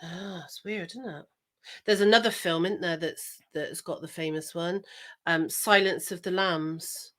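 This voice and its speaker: A woman's voice: fairly low pitch, fairly even intonation, a little slow, a bit bright. A woman co-hosting a podcast, chatting casually, hopping between topics and laughing often. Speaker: podcast co-host. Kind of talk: casual chat.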